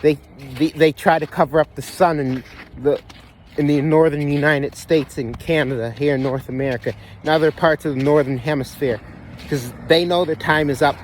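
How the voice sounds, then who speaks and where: A man's voice: fairly high pitch, fairly even intonation, moderate pace, a little hiss or hum. Rambling man vlogging outdoors. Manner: rambling, profane, repetitive restarts. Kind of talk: conspiracy monologue.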